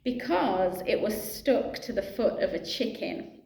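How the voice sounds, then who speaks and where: A woman's voice: medium pitch, expressive, measured pace, creaky, a little mellow. A middle-aged woman, a yoga teacher, talking casually and reflectively to camera in a chatty way, laughing easily and filling her speech with asides and fillers. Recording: echoey room.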